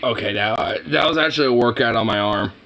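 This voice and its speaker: A man's voice: mid-range voice, fast talker, bright, forceful tone, soft background music. A young man vlogging casually, talking to his dog in cooing baby talk and swearing offhandedly.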